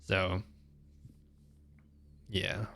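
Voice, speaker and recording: This live streamer has a low voice, a sharp tone, and a flat delivery that draws his words out. He rambles in an easygoing way with his viewers and laughs a lot. Faint background music plays under his studio mic, which runs through an audio mixer.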